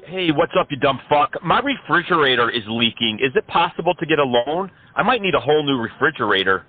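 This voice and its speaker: Brief: high-pitched male prankster, mocking and profane, tinny phone audio. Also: expressive, brisk, dry recording. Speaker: scam baiter.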